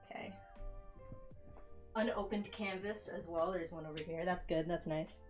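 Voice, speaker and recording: A woman's voice: fairly low pitch, slow, long pauses, darkish tone, soft background music. Young woman rambling while she cleans. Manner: rambling and self-mocking, laughs often. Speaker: streamer. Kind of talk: casual chat while cleaning. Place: her bedroom.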